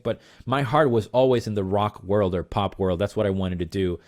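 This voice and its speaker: A man's voice: on the low side, normal speed. A man in his thirties, a musician guest, telling a long rambling story in an interview with lots of fillers.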